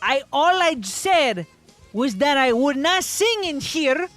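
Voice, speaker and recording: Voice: sits high, sing-song, slow, fairly bright tone, faint music behind, pitched above the performer's own voice, heavily acted. A player doing a brash fake-drunk man. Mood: indignant. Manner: brash, cursing, mock-indignant. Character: cocky young man playing drunk, in a tabletop game. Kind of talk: tabletop game character voice.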